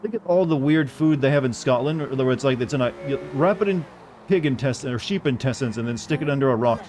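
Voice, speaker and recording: A man's voice: mid-range voice, fast talker, a little mellow, a little hiss or hum. A man streaming a game, chatting casually and answering viewers' questions in a rambling, joking way. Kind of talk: casual gameplay commentary.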